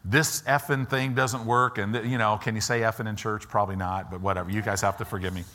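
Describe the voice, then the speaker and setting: Bright-voiced pastor telling a story. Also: male voice, on the low side, quick pace. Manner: animated storyteller, acts out quoted voices; informal, asides to the audience. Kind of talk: storytelling sermon. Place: church.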